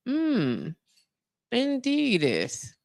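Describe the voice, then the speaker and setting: A woman's voice: fairly high pitch, huge pitch swings, drawn-out words, gravelly, darkish tone, dry recording, clean studio sound. A woman hosting a live radio show, chatting casually, laughing often and cooing baby talk at her dog.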